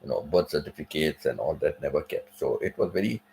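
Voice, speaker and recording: A man's voice: extremely low pitch, animated, fairly quick, gravelly, darkish tone, slight background noise, low-quality recording. A man hosting a channel, talking casually in a rambling way, with many asides and "you know" fillers. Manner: rambling, digressive, frequent "you know" and "right?". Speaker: channel host. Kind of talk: casual monologue.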